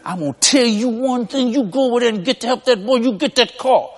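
A man voicing his stern mother, scolding in quick questions and commands. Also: very high-pitched, long reverb tail, some chatter behind, pitched above the performer's own voice. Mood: commanding. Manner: scolding, rapid-fire questions.

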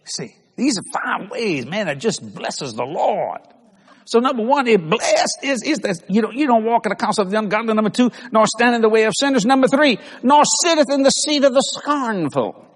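Brisk and slightly rough, this man's voice sits high, echoing with long reverb through a church sanctuary. He's a pastor delivering a sermon, animatedly telling folksy tales and laughing often.

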